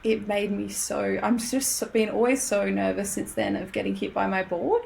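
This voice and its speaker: A young Australian woman, a podcast guest, telling a story in casual chat, animated and laughing often as she acts out what people said. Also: medium pitch, moderate pace, creaky, slight background noise.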